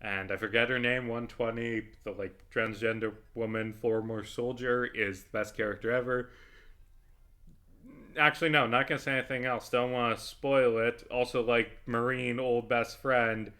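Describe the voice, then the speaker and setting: A man's voice: mid-range voice, steady tone, moderate pace, pushed and bright. A man rambling through casual commentary while playing a video game, swearing freely and swinging into heated rants.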